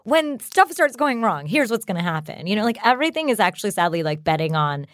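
A woman's voice: mid-range voice, big pitch swings, fast talker, dry recording, clean studio sound. A woman in her thirties, a startup founder speaking as a guest in a casual interview, chatty and full of fillers like "like" and "you know". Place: studio.

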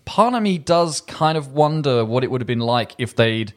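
A man chatting casually about a film, lively and quick, often restarting his sentences. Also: mid-range voice. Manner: animated, quick bursts, frequent restarts. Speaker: film review podcast host.

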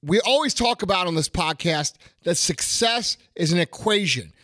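A man's voice: high-pitched, expressive, normal speed, a bit bright, dry recording, studio quality. A middle-aged man hosting a podcast, delivering a blunt, profane motivational rant with heavy repetition. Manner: blunt, emphatic, swearing, repeats phrases. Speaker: podcast host.

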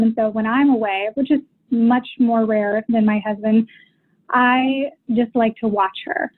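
A mother calling in to a parenting show, explaining things thoughtfully and at length. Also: fairly high pitch. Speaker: caller, military mother. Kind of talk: casual consultation call. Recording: tinny phone line.

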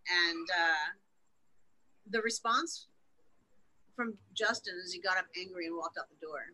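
A woman guest in an interview recounts a personal story frankly and emotionally, swearing plenty along the way. Her voice is lowish with a sharp tone, she speaks a little slowly, and the recording quality is low.

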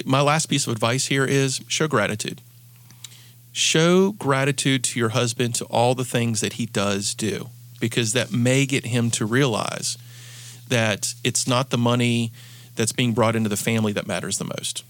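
A man's voice: mid-range voice, normal speed, a bit bright, no room sound. Guy coaching host, earnest, tells stories, keeps restarting lines, mid voice. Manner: earnest storytelling, frequent restarts. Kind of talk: advice show talk.

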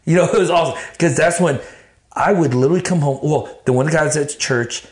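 A man from Texas, telling his life story in casual, animated talk full of cursing, acting out his own past thoughts. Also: a little high, fast.

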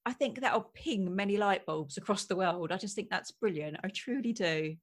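A woman hosting an interview, gushing with effusive praise and quick to laugh. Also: medium pitch. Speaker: podcast host. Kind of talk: enthusiastic interview chat.

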